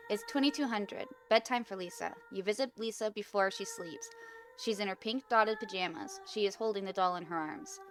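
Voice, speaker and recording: A woman's voice: mid-range voice, moderate pace, faint music behind. A young woman hosting a gaming video, casually reading out an interactive horror story, giggling and stumbling over words.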